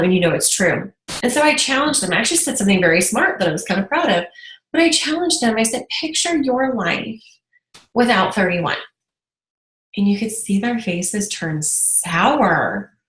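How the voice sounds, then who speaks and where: A woman's voice: mid-range voice, fairly bright tone, roomy sound, poor audio. A woman in her thirties, a direct sales team leader, talking casually and earnestly to viewers in a live video, getting emotional. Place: moved to North Carolina.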